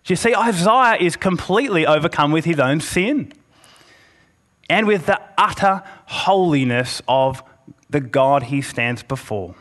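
Male preacher delivering a sermon; earnest, deliberate emphasis, slightly high-pitched. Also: animated, fairly bright tone. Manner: earnest, slows for emphasis and reads scripture aloud.

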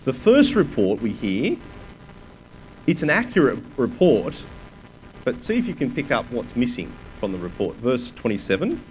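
A man's voice: mid-range voice, huge pitch swings, moderate pace, a little mellow, slight background noise, rough recording. A man preaching a sermon, reading scripture aloud with emphasis and putting rhetorical questions to his listeners.

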